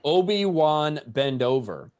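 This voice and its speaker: Man, co-host, reads donations aloud, animated pitch, jokey and crude. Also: slow pace. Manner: joking, reads viewer messages aloud. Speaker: podcast co-host reading donations. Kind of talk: casual crude chat.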